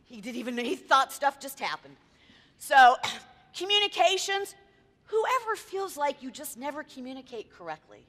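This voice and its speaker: A woman's voice: sits high, very animated, normal speed, a bit bright. A woman event planner giving a chatty talk to a live audience, quizzing the room and telling anecdotes. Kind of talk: lively presentation to a live audience. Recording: reverberant hall.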